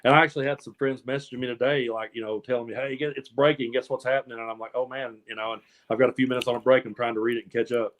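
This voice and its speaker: A man's voice: medium pitch, little pitch movement, rapid-fire, hardly any pauses, fairly bright tone. A man from the American South co-hosting a casual political chat show, talking in an earnest, rambling way and often repeating words as he restarts. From Appalachian South, US. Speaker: co-host.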